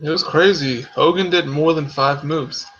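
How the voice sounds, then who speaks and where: A man's voice: a little high, moderate pace, a bit bright. A man co-hosting a casual podcast, chiming in with short, laid-back agreements. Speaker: podcast co-host. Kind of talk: casual chat. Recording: dull lo-fi sound.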